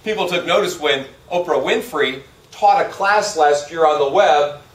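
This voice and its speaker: A man's voice: a little high, moderate pace. Man lecturing in an echoey hall. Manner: animated, asks the audience questions. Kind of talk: live lecture to an audience. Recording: echoey hall, speaker far from mic.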